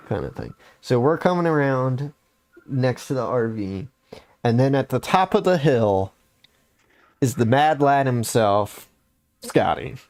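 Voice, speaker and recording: A man's voice: mid-range voice, a little mellow. A young adult man casually recounting a game story on a podcast, rambling with lots of fillers. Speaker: podcast host.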